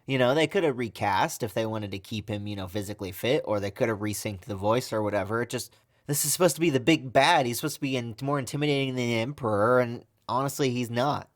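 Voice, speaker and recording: A man's voice: mid-range voice, fast talker. A man giving a casual video review of a TV episode, in a sarcastic and complaining way. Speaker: TV show reviewer.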